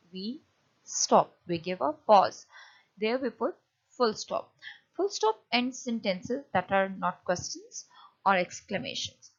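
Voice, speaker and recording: A woman teacher giving a lecture on punctuation, often pausing and restarting as she explains. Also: mid-range voice, muffled recording. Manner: hesitant, many fillers and restarts while explaining.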